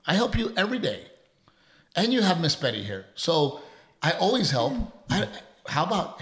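A man's voice: a little high, moderate pace. A man co-hosting a casual chat with his partner, telling stories with lots of "dude" and "right?". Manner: animated storyteller, says "dude" and "right?" a lot. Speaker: podcast co-host. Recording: roomy echo.

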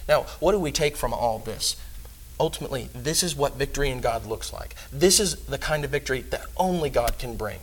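A young man preaching an earnest, emphatic sermon, growing loud on key points. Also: medium pitch, expressive, fairly quick, a little hiss or hum.

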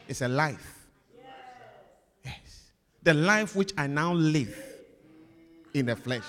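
A male pastor preaching a sermon, repeating his phrases and swinging between loud emphasis and hushed asides, recorded in a church hall. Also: high-pitched.

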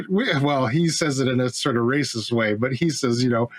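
A man's voice: mid-range voice, moderate pace. A man in casual chat who retells a film scene by scene, swearing freely, laughing often and acting out the characters' lines. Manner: animated, profane, laughing storyteller who acts out the dialogue.

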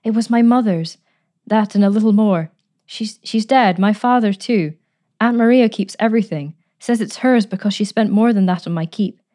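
A woman voicing a frightened, gentle young girl in a read-aloud story, speaking breathlessly. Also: medium pitch, normal speed, voice pushed up, close to an everyday voice. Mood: distressed. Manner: breathless, pleading, timid.

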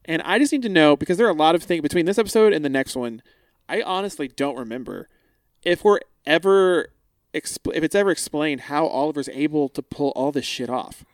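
A fairly high-voiced man co-hosting a podcast in loose, casual chat. He swears freely and slips into mocking voices of the characters. His voice sounds dry and close, with no room around it. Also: fairly quick, no room sound. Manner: profane, blunt, quotes characters in mocking voices. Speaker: podcast co-host. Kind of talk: casual chat recapping a TV episode.

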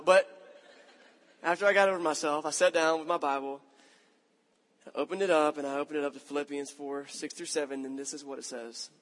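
Brief: pastor in his thirties, casual sermon storytelling, fairly high voice, long hall echo. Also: a little fast. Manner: conversational storytelling, self-mocking, animated.

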